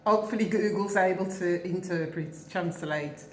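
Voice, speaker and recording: A woman's voice: on the low side, normal speed, darkish tone, echoey room. A woman in her fifties from England with a Wolverhampton accent, chatting casually to camera while she eats, rambling and often laughing. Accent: Wolverhampton English. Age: 50s. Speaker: vlogger. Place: home in Jamaica.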